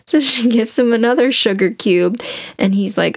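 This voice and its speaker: A woman chatting casually and retelling a story, slipping into quick character voices along the way. Her voice sits at a middle pitch and sounds dry and close, with little room sound. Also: fairly even intonation, gravelly, dry recording.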